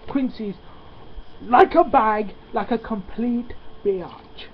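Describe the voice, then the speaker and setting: A man giving a casual spoken review. He talks excitedly and often stops on "uh" and "um" mid-sentence. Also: high voice. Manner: excitable, halting with many fillers. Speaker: manga reviewer. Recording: lo-fi with steady background noise.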